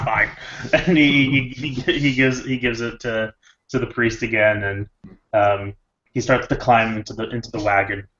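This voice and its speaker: A man playing a tabletop game, describing his character's actions in a rambling, halting way. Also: mid-range voice, a bit bright. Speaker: player. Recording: dull lo-fi audio.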